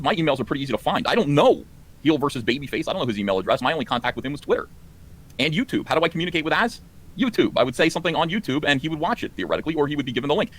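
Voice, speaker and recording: A man hosting a live stream talks back at a clip, exasperated and ranting. His voice swings widely in pitch and the words come out quickly. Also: fairly bright tone. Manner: exasperated, ranting, rising pitch when indignant. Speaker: streamer reacting to clips. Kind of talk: heated live stream commentary.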